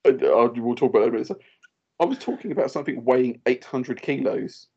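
A man in his thirties, a podcast co-host telling animated stories in casual chat and acting out what others said. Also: medium pitch, fast, vocal fry, slightly rough, lo-fi sound. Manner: animated storyteller, acts out quoted voices.

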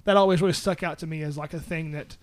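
Southern guy rambling on a podcast, kinda high voice, dry sound. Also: fairly even intonation, fast talker, dry recording. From Southern United States. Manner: rambling, self-correcting storyteller. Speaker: musician guest. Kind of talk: casual interview chat.

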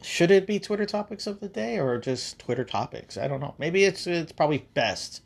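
A man's voice: fairly high pitch, animated, normal speed, creaky. A man hosting a podcast in casual chat, rambling and swearing freely between laughs. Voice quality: rambling, profane, laughs often. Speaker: podcast host.

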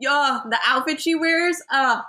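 High, giggly young woman co-host, crowd noise behind. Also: measured pace. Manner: giggly, eager reactions. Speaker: podcast co-host. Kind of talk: casual chat.

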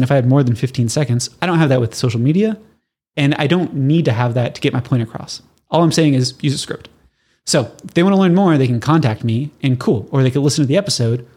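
A man from Southern California with a Californian accent, hosting a solo podcast in a casual, animated teaching style, often laughing and acting out his listeners' reactions. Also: mid-range voice, quick pace. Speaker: podcast host.

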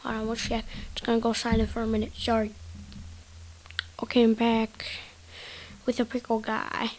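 A woman's voice: a little high, completely flat delivery, moderate pace, rough recording. Giggly rambling female podcaster. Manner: silly, giggly, jumps between topics. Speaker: solo podcast host. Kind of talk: rambling casual monologue.

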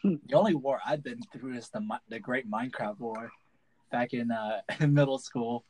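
A man's voice: medium pitch, normal speed, darkish tone, low-quality recording. A young man chatting as a podcast guest, joking around and laughing a lot. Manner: playful, jokey, laughs a lot. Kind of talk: casual chat.

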